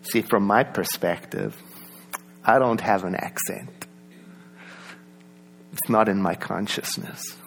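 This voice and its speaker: A man with a South African accent giving a reflective personal talk, conversational, with many asides and soft laughs. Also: lowish voice, takes it slowly, creaky, long pauses, a little hiss or hum. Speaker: speaker.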